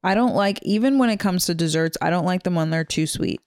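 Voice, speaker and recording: Woman cohost on a comedy podcast, gravelly but smooth, chatty, dry close mic. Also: lowish voice, a little fast, a little mellow, no room sound. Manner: self-mocking, chatty, trails off into fillers. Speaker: podcast co-host. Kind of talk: casual comedy chat.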